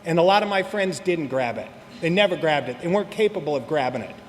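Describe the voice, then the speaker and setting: A man's voice: on the high side, animated, fast, big-room sound. A middle-aged man from Southern California, speaking at a recovery meeting in a candid, joking, storytelling way. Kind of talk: personal talk at a meeting. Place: meeting hall.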